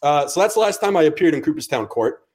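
A man's voice: fairly high pitch, lively intonation, fast, a little mellow. A young man from the United States telling a long story on a casual podcast, cursing freely and acting out every line of dialogue. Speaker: podcast co-host.

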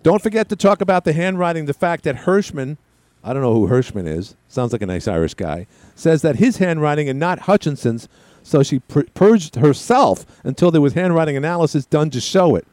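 A male talk radio host chats loosely on air, his pitch rising and falling a lot as he goes. He rambles, stumbles and restarts his sentences, and he talks over his callers. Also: very animated, fairly quick, darkish tone, dry recording. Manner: interrupts callers. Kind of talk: casual talk radio chat.

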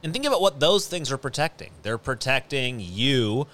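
A man's voice: medium pitch, very animated, moderate pace, fairly bright tone. A man hosting a casual podcast chat, talking in a sarcastic, mock-agreeing way. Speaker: podcast host.

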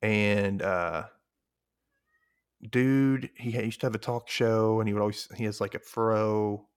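A man's voice: fairly low pitch, fairly even intonation, unhurried, clear, resonant tone. A man hosting a podcast, chatting casually and rambling as he searches for names. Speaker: podcast host. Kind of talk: casual chat.

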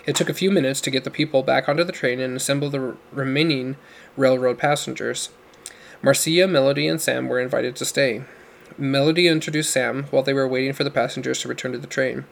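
A man's voice: mid-range voice, fairly even intonation, gravelly. Man reading a novel aloud. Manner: unhurried, occasional slips and self-corrections. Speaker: podcast reader.

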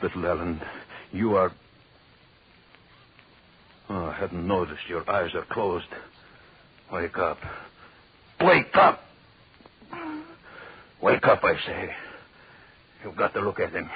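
An actor playing a cruel, obsessed jealous husband in a 1940s radio horror play, brooding and menacing. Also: male voice, low-pitched, steady tone, moderate pace, long pauses, slightly rough. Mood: frantic. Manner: brooding, menacing, builds to frantic shouting. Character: cruel, obsessed jealous husband holding his wife captive. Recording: dull hissy 1940s radio broadcast.

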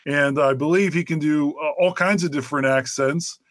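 A man's voice: on the high side, steady tone, moderate pace, dry recording, clean studio sound. A man hosting a podcast, introducing guests in a hesitant way with frequent fillers. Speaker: host. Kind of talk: casual chat.

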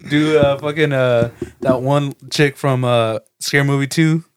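A man's voice: mid-range voice, steady tone, a little slow, clean tone. A man co-hosting a crude, casual chat, teasing his friend and laughing easily. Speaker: podcast co-host.

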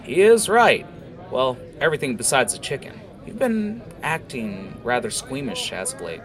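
A man's voice: medium pitch, sing-song, normal speed, crowd noise, pitched above the performer's own voice, lightly acted. A man voicing a blunt, scolding female lieutenant in armor. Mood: exasperated. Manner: scolding, commanding.

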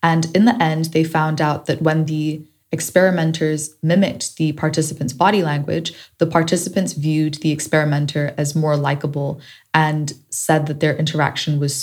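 A woman from Kenya whose accent shifts between Kenyan and British, hosting a solo podcast in a reflective, candid manner. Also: low voice. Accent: shifting mix of Kenyan and British. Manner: reflective and candid, warming to playful. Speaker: podcast host.

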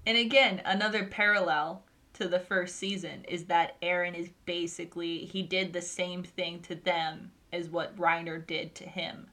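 A woman talking casually on a podcast, animated and swearing as she rants about a show. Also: lowish voice, moderate pace, few pauses. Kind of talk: casual chat.

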